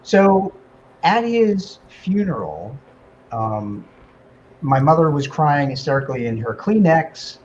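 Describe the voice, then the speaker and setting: A man guest on a talk radio show, telling an emotional personal story in a casual, animated way with many fillers. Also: a little high, takes it slowly, lo-fi sound, slight background noise. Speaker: guest medium and author.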